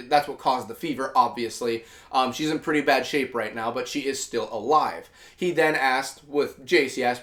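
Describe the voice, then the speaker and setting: A man's voice: mid-range voice, moderate pace, a bit bright. A man hosting a casual comic review, rambling through the story with lots of filler and quoted lines. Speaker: host.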